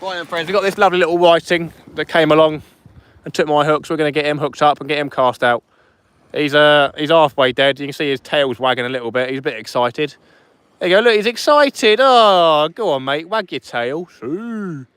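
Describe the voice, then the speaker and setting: A man's voice: fairly high pitch, a little fast, a bit bright, smooth, dry recording. A man chatting casually on a fishing livestream outdoors on a beach at night, reading out viewer comments as he goes.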